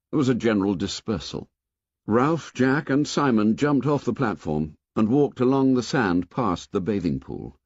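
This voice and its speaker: A man narrating an audiobook in a lively, expressive storytelling manner. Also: medium pitch, normal speed, slightly rough, no echo, dull audio. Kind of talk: scripted narration.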